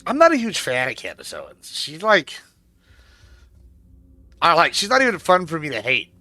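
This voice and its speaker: A man's voice: a little high, wildly swooping pitch, moderate pace, bright, forceful tone, no echo. A man streaming a game, chatting casually in a rambling, crude way with plenty of swearing and fillers. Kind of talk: casual chat while gaming.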